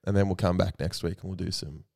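A man's voice: low voice, fairly even intonation, quick pace, gravelly, darkish tone. A young man co-hosting a podcast, bantering casually, teasing his friend, laughing often and swearing freely. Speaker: podcast co-host.

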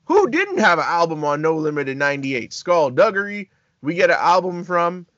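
A man's voice: on the high side, very animated, normal speed, a bit bright, no room sound, dull audio. Upbeat man, casual podcast talk. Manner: enthusiastic, lists at length. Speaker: podcast co-host. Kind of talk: casual chat.

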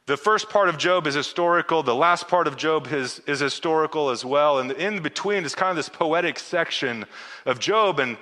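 A man preaching to his congregation, his bright and fairly high voice swooping up and down as he plays out scripture scenes with casual asides. He trips over his words and restarts often. His voice rings with the long reverb of a large hall. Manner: animated, acts out biblical dialogue with casual asides; frequent stammered restarts. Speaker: pastor. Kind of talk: sermon.

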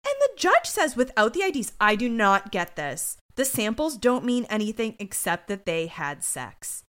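Woman co-host, lively pitch, blunt and profane, casual recap. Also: normal speed, clean tone. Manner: blunt, swears, acts out quotes. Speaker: podcast co-host. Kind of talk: casual chat recapping a TV episode.

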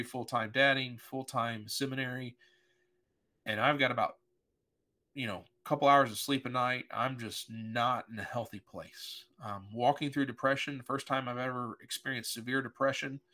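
In a pushed, bright mid-range voice, a middle-aged pastor shares an emotional personal story on a podcast. His earnest retelling is vivid, with quoted lines acted out.

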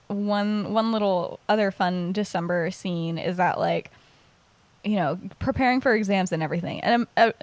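A woman's voice: medium pitch, no echo. A young woman co-hosting a podcast, recapping a story in casual chat, rambling with lots of "like". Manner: rambling, heavy use of "like", quick giggles. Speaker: podcast co-host.

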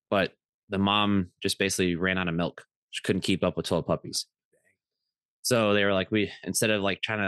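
Low-voiced man telling rambling stories. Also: no room sound, studio quality. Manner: rambling, animated anecdotes with many fillers. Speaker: podcast co-host. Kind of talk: casual storytelling chat.

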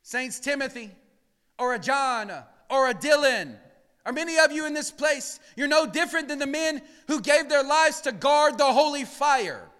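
A male pastor preaching a sermon in a church. He drops to hushed murmurs, then rises to shouted emphasis, and calls on the congregation to answer back. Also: very high voice, moderate pace, in a large hall. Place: church sanctuary.

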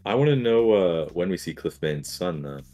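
A man with a very low voice chats casually on a podcast. He speculates hesitantly, leaning on fillers as he thinks aloud. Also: animated, normal speed, mellow. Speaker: podcast co-host. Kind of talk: casual chat.

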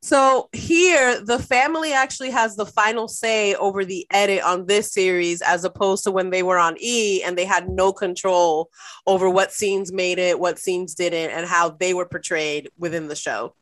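A woman's voice: fairly low pitch, fairly even intonation, normal speed, fairly bright tone, no echo. Upbeat woman sharing celebrity news. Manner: upbeat, reads news items conversationally. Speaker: co-host. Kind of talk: casual entertainment chat.

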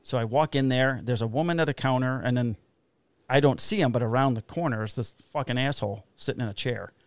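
A man who works as a police officer co-hosts a podcast and spins a long, profane story in casual chat. His voice sits at an ordinary middle pitch. It is recorded dry, with no room sound around it. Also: a little fast, no echo. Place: Illinois.

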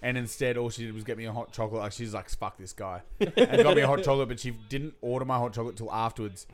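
A man's voice: medium pitch, fairly even intonation, racing. A man, co-hosting a podcast in casual chat, telling rowdy stories with laughs and swearing. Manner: laughing storyteller, swears freely. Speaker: podcast co-host.

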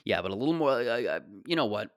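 A man's voice: medium pitch, sing-song, fast, no echo, clean studio sound. A man in his late twenties hosting a solo podcast, talking casually in a rambling, joking, self-deprecating way. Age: 20s. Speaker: podcast host.

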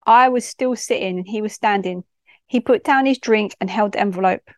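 A woman, a school mentor, telling a personal story in a heartfelt, expressive way with local slang. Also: mid-range voice, moderate pace, no echo, clean studio sound.

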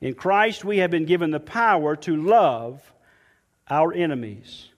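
A man, a pastor, preaching a sermon emphatically and dropping soft and low when quoting scripture. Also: measured pace, long reverb tail.

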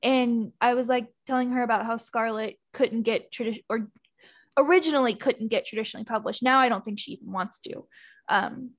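A woman's voice: a little high, fairly quick. A woman co-hosting a casual book podcast, opinionated and laughing often. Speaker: podcast co-host.

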